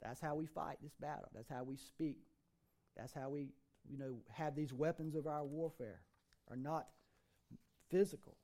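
A man's voice: fairly high pitch, measured pace, mellow. A man preaching a sermon as pastor in a church, reciting scripture and urging his congregation with rising emphasis.

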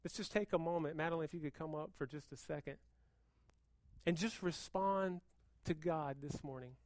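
A man preaching a sermon as pastor, moving between hushed, intense passages and loud, fervent appeals. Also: fairly high pitch, normal speed, no echo.

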